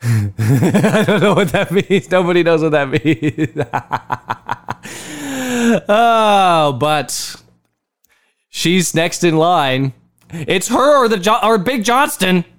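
A man's voice: high-pitched, lively intonation, slow pace, pauses often. Sarcastic male political commentary host. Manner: sarcastic, mocking repetition.

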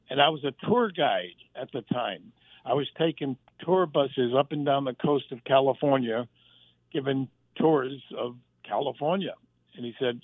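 Man guest, phone-line interview, animated storyteller who mimics voices, tinny and dry. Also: mid-range voice, moderate pace, dry recording. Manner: animated anecdotes, acts out quoted voices. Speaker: guest, former sitcom writer and warm-up comic.

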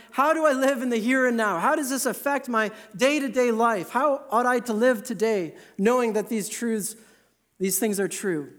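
Male preacher, high pitch, earnest and emphatic sermon delivery. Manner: earnest, emphatic, slows down to stress key words.

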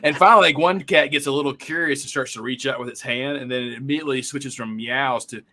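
A man's voice: medium pitch, fast. A man co-hosting a podcast, telling stories in a casual way with many fillers. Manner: animated storyteller with many fillers. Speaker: podcast co-host. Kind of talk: casual chat.

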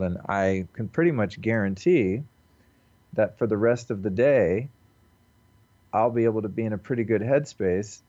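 Earnest male podcast guest with a low voice, reflective and casual; dry, lo-fi call recording. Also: a little mellow, dry recording. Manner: earnest, reflective, loose with swearing. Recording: dull, lo-fi call audio.

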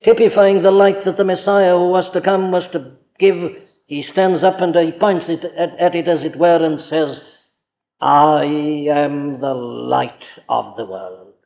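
Male preacher, earnest and emphatic, fairly high voice, long hall echo, dull archive sound. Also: fairly even intonation, measured pace, vocal fry. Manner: earnest, emphatic, rhetorical questions, acts out quoted voices. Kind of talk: sermon.

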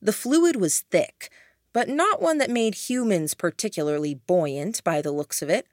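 Audiobook narrator: woman, lowish voice, measured first-person read, dry close sound. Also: no echo.

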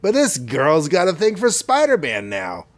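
A man's voice: fairly high pitch, wildly swooping pitch, moderate pace, voice pushed up. A man voicing a brash teenage jock taunting his rival.

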